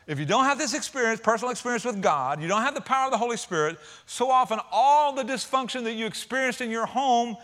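A man delivers a sermon in a high-sitting voice, retelling a story. He swings emphatically between loud outbursts and hushed, quiet passages.

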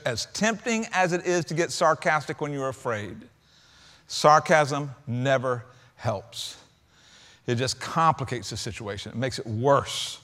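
Male pastor preaching, high pitch, conversational, shifts between loud emphasis and soft low asides. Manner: conversational preaching with sarcastic acted-out quotes. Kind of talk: sermon.

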